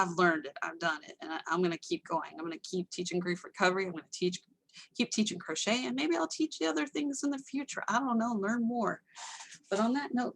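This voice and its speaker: Woman, storyteller, casual and animated, self-mocking humor, home mic. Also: gravelly. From Texas. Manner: animated, acts out quoted voices with sudden pitch jumps; candid, self-mocking asides. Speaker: storyteller presenting her life story to an online audience.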